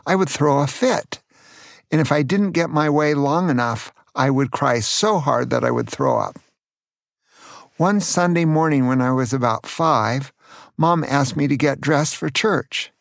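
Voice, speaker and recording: A man in his sixties from California, a grandfather gently and earnestly telling stories from his childhood on his own podcast. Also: a little high, gravelly, no echo, studio quality. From California, USA. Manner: earnest, gentle, slow storytelling. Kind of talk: storytelling memoir.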